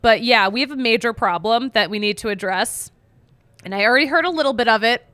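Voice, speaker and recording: A woman from the Philadelphia area with a Philly accent, hosting a casual sports podcast with a voice worn hoarse from screaming, chatty and quick to laugh at herself. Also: on the high side, animated, sharp tone. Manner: chatty, laughs often, self-mocking. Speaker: podcast host.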